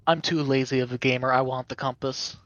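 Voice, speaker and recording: A man's voice: medium pitch, fairly even intonation, fairly quick, fairly bright tone, dry recording. A man joining a game stream as a friend, bantering in a joking, offhand way. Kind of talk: casual banter. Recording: dry, muffled call audio with faint music.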